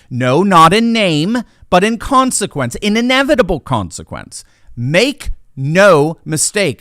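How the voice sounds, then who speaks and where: A man delivers an indignant commentary monologue, his slightly high voice swinging widely as he jabs with sarcasm. The sound is dry and close, with no room echo. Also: fairly bright tone. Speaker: political commentator. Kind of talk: opinionated monologue.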